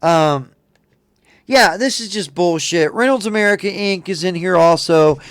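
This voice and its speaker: Man, high voice, dry close sound, profane ranting host, casual commentary. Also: measured pace, fairly bright tone, smooth, no echo. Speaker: show host. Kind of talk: casual podcast commentary reading news.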